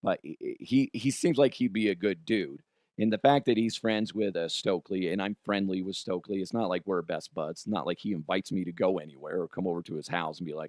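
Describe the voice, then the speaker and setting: A man's voice: low-pitched, a little fast, a little mellow, dry recording, studio quality. A man hosting his own podcast, telling stories in a rambling, joking way, laughing at himself and swearing freely. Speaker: podcast host. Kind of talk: casual solo podcast talk.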